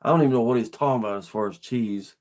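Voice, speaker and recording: A man's voice: medium pitch, rapid-fire, a little mellow. A middle-aged man, telling a personal story to camera in an earnest, rambling, plainspoken way. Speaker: vlogger.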